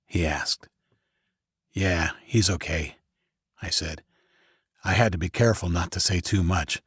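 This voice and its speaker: Low, husky man for first-person audiobook narration, dry booth sound. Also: normal speed, a bit bright, dry recording.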